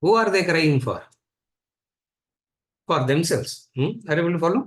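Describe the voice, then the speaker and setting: A man's voice: a little high, animated, moderate pace, long pauses. A man with an Indian accent teaching a spiritual lecture class, repeating points emphatically and teasing his students. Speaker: Vedanta teacher.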